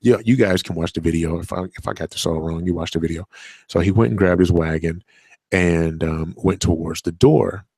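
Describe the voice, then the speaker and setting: A man's voice: sits low, brisk, creaky, a little mellow, slightly rough, no room sound. A man, hosting a solo show and telling a rambling story about his toddler son, with lots of fillers and restarts. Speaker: podcast host. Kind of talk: casual solo monologue.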